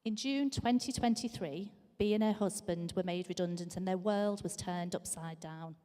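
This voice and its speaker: A woman speaking at a church service for a charity, calmly telling a story to the congregation. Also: lowish voice, moderate pace, long reverb tail. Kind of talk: church talk.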